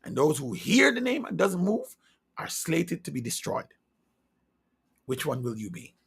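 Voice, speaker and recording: A man delivering a sermon in a high, gravelly voice with a bright, cutting edge. He is fervent and insistent, firing rhetorical questions at his listeners. He swings between loud emphasis and hushed near-whispers. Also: huge pitch swings, unhurried. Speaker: preacher.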